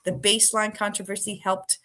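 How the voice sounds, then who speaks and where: A woman hosts a relaxed trivia stream live, speaking in a bright, forward voice of medium pitch. She keeps things casual with viewers, reads the answer options at a slow pace, and laughs often.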